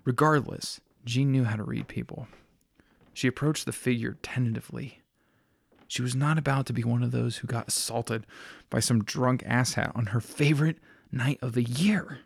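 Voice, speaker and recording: A man reading a story aloud in a steady, plain narrating style. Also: medium pitch, moderate pace, vocal fry, no room sound.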